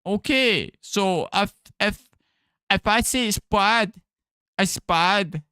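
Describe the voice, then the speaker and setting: A man's voice: high-pitched, slow, bright, forceful tone, smooth, no room sound, clean studio sound, full character voice. A man voicing a pompous, bossy male accent coach who rants that only he can judge accents. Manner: pompous, repetitive, ranting. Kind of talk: comic improvised character bit on stream.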